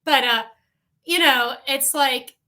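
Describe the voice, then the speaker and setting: A woman's voice: sits high, slow, sharp tone. A woman guest on a podcast, chatting casually and agreeably, with many fillers. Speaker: podcast guest, former business owner.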